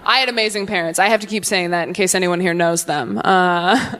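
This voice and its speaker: A woman in her twenties doing a stand-up set on stage, talking to the crowd with quick asides and sudden high swings for punchlines. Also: a bit bright, slight background noise. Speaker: stand-up comedian. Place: large venue before a live audience.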